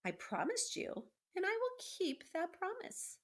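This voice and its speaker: A woman's voice: extremely high pitch, huge pitch swings, a little slow, voice pushed up, full character voice. A woman voicing a gleeful, menacing male rat in a storybook read-aloud, taunting and sing-song. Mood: sly.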